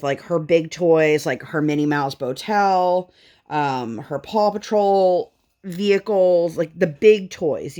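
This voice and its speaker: Thirtysomething woman rambling through a story at her craft desk, lowish voice, lots of "like". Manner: animated storytelling, acts out dialogue with big pitch jumps. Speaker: craft vlogger. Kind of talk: casual chat while crafting.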